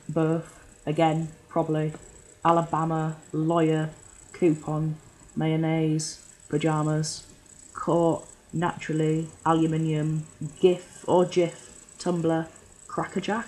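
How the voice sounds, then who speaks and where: A young man from Yorkshire talks to camera at home in a loose, sweary, self-deprecating ramble. His voice sits a little higher than most men's. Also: poor audio. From Yorkshire, England. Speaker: vlogger. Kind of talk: casual solo vlog, answering a questionnaire.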